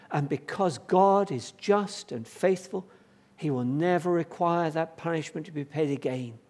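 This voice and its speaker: High-voiced preacher, hushed to fervent. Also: male voice. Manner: swings from hushed to fervent, emphatic repetition. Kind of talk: sermon.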